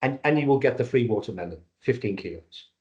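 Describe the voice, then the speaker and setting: A man's voice: medium pitch, expressive, fast, a little mellow. A man from Cyprus and Britain presenting a live webinar over a video call, jokey and salesman-like. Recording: dull lo-fi webinar audio.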